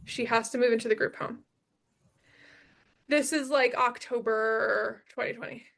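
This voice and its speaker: This young woman, a podcast guest, tells her story in a high, fairly bright voice with a steady tone, a measured pace, and some vocal fry. She speaks bluntly and emphatically, swears freely, and repeats the lines that mean the most to her.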